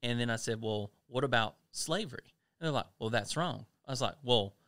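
Gravelly-voiced man co-hosting. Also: medium pitch, brisk, a bit bright, no room sound, clean studio sound. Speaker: podcast co-host. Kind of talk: casual Christian podcast conversation.

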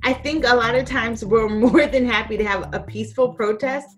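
A woman historian giving thoughtful interview answers, pausing with fillers as she thinks. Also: on the high side, steady tone. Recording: faint music behind.

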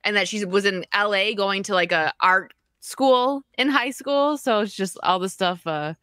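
A woman's voice: medium pitch, normal speed, sharp tone, clear, resonant tone, no room sound. A woman in casual podcast chat, talking loosely with many fillers. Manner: chatty, lots of "like" fillers. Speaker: podcast host.

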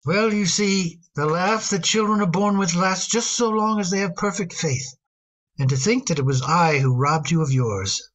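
A woman's voice: lowish voice, moderate pace, close to an everyday voice, rough recording. Woman playing a fond, wistful painter father. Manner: gentle, hesitant, repeats words. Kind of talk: radio drama acting.

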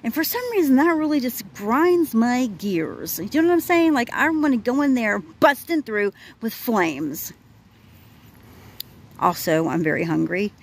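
A woman's voice: fairly high pitch, animated, unhurried, breathy edge. A woman in her forties venting in a casual vlog while walking her dog outdoors, exasperated and rambling with restarts, recorded on a handheld phone. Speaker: vlogger.

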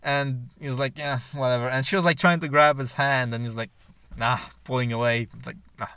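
A man's voice: mid-range voice, fairly even intonation, fast talker, bright, forceful tone, smooth, dry recording. A man telling a long personal story in a rambling, profane way, full of filler words. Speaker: vlogger. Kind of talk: casual storytelling monologue.

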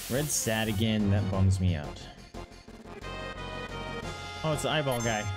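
A male let's play host comments on his gameplay in a chatty, excitable way. His voice swings widely in pitch, rising sharply when he exclaims. Game music plays clearly behind him. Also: a little slow.

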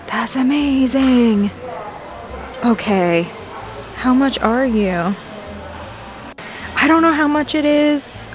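A woman plant vlogger chatting casually as she browses a big box store garden center, easily excited. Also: medium pitch. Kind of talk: casual walk-through narration.

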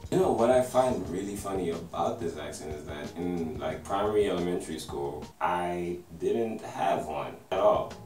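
Deep-voiced twenties vlogger with an American-sounding accent, laid-back rambling delivery, recorded a little off-mic with faint music behind. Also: male voice, recorded from a distance. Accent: American-sounding English. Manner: relaxed, rambling, full of "like". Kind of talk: casual storytelling to camera. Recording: roomy and a bit off-mic.

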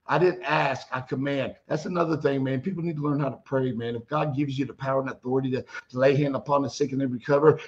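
A male preacher with a high voice gives a fervent sermon, swinging from conversational storytelling to loud exclamations. The audio is dull and lo-fi. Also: fast talker, hardly any pauses. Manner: retells stories with quoted dialogue.

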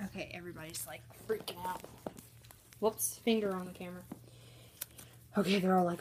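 A woman narrating her pets at home while filming on a handheld phone, chatty and giggly, slipping into squeaky voices for the animals. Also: fairly even intonation, a little fast, pauses often, a little mellow, slight background noise. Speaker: pet vlogger. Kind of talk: casual off-camera narration of pets. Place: indoors at home. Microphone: handheld phone camera.

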